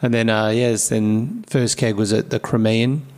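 An Australian man in casual podcast conversation, telling stories with lively acted-out quotes and casual swearing. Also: on the low side, a little slow. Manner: lively storyteller who acts out quoted dialogue and swears freely. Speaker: podcast guest, craft brewery founder. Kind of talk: casual storytelling chat.

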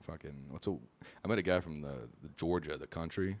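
A young man, a comedian guesting on a podcast, talking in a relaxed way and saying dude and bro a lot. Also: a bass voice, brisk. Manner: laid-back, says dude and bro a lot. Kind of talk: casual podcast chat. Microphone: studio mic.

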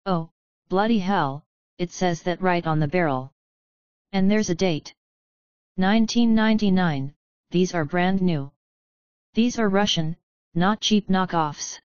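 A man's voice: high voice, a little slow, long pauses, clean tone, dry recording, muffled recording. A woman voicing a wiry young man who talks in a sour, clipped way.

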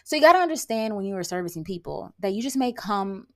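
A woman's voice: mid-range voice, expressive, quick pace, a bit bright. Sassy, emphatic woman podcast host. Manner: sassy, emphatic, peppered with "okay?" and "like". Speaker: lash artist and brow tattooer. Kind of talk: casual monologue. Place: rural area.

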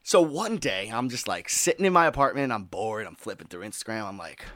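Animated young man telling stories. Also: on the low side, fairly quick, hardly any pauses. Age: 20s. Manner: animated, laughs through stories, mimics voices. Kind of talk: casual storytelling chat.

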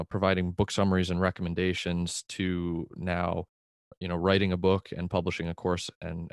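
A man's voice: sits low, no room sound, studio quality. A man hosting an interview podcast, asking questions in an encouraging, appreciative way. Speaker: podcast host.

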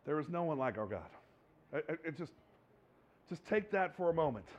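A man's voice: on the high side, very animated, moderate pace, muffled recording. A male pastor preaching a sermon in a conversational way, with joking asides and repeated phrases.

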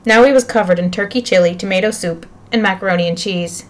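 A woman reads a children's novel aloud in a lively, expressive way. Her voice sits at a middle pitch. She paces the story for young listeners. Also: quick pace. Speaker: narrator. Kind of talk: audiobook reading of a children's novel.

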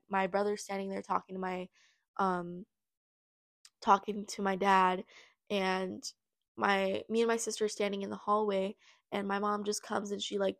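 A young woman with a gravelly, ordinary middle-pitched voice hosts her own podcast, telling a personal story in a casual monologue. She's blunt and swears freely, rambling with heavy use of "like" and frequent restarts.

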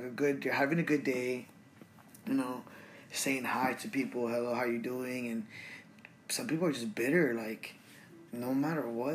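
A young man hosting a solo podcast, talking in a relaxed, slangy way as he rants about his day. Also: mid-range voice, a little hiss or hum. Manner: relaxed, slangy and ranting, full of fillers. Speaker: podcast host. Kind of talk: casual solo podcast monologue.

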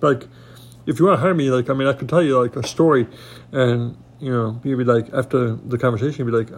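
A man's voice: medium pitch, steady tone, quick pace. A man in his forties chatting casually to promote himself as a voice actor, rambling with lots of filler words. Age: 40s. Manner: rambling, heavy on fillers like "you know". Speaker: aspiring voice actor. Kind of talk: casual self-promo chat.

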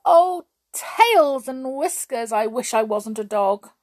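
A woman's voice: sits high, expressive, slow, a little mellow, voice pushed up. A woman voicing a sad little male terrier dog who laments plaintively. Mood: sorrowful. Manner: plaintive, self-pitying lament.

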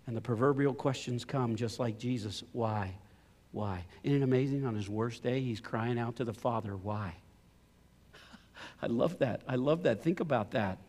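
Preaching man in a reverberant hall. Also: moderate pace. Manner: impassioned, rising to loud pleading then dropping low. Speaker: pastor. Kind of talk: sermon.

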